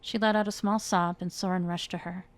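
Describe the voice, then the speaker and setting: A woman reads aloud from a chapter of a fantasy novel she wrote, speaking fairly quickly in a lowish voice with fairly even intonation. She brings the characters' dialogue up in pitch and reads those lines with rising emotion, making it a dramatic fiction reading.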